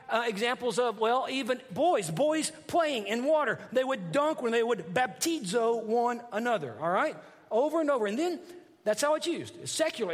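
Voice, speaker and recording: A pastor with a notably high voice preaches to his congregation, reading verses and breaking in with emphatic asides. His voice carries a long reverb from a large church sanctuary. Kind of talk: sermon.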